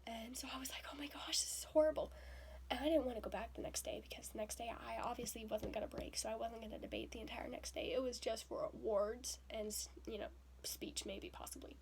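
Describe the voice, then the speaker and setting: A young woman vlogger telling a personal story in a lively way, acting out quotes with breathy asides. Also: a little high, brisk, whispered. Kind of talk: storytelling vlog. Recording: faint background noise.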